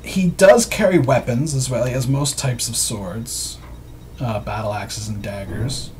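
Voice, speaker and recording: A man's voice: medium pitch, unhurried, darkish tone, a little hiss or hum. Chatty man running a tabletop game. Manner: loose, laughing, chatty narration. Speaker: game master.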